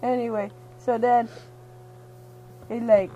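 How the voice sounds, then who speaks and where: A woman's voice: on the high side, steady tone, unhurried, long pauses, warm tone, husky, highs cut off. A young woman, half-asleep and giddy, rambling through a silly retelling of a movie, giggling and acting out the characters' lines. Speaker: storyteller.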